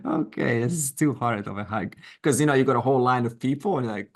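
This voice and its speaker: His voice sits in the mid range, with lively intonation and a normal speaking speed. A middle-aged man, he gives an informal online Vedanta lecture, talking conversationally and encouragingly, with asides and quotes delivered in character.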